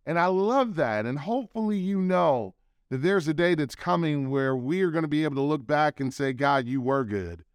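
Man preaching a sermon, crisp and dry. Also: a little high, expressive, no echo. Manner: preaching with swelling emphasis and slow, drawn-out calls. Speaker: pastor.

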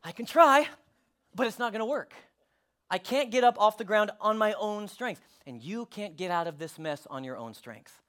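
Brief: male pastor preaching, high voice, animated, jumps from loud to hushed. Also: normal speed. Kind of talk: sermon with storybook reading.

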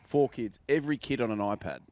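A man co-hosting a podcast, joking with quick asides in casual banter. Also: medium pitch, lively intonation, a little mellow. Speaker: podcast co-host.

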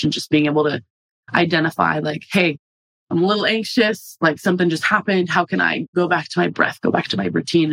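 A woman in her twenties, a college softball player, talking casually and animatedly as an interview guest, with lots of "like"s. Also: low voice, no echo. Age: 20s. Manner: animated and chatty, many "like"s.

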